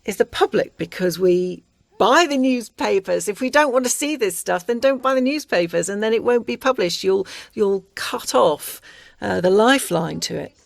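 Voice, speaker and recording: A woman hosting an interview, asking measured, reflective questions. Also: medium pitch, animated, vocal fry, no echo, clean studio sound. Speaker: interviewer, host. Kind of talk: interview conversation.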